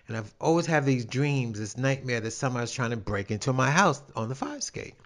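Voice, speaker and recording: A man's voice: medium pitch, fairly bright tone, poor audio. An older man, telling a personal story in a rambling, casual way with restarts. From New York. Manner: rambling, with restarts and dialect grammar.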